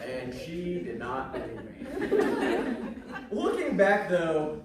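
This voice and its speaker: A young man from Kansas works through a stand-up set, acting out the people in his story. His voice sits high and swings widely in pitch. The sound comes from a distant mic in a roomy club, with audience laughter rolling in. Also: very animated, slow pace. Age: young adult. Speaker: stand-up comedian. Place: comedy club in a small town. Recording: echoey club, mic far off, crowd laughing.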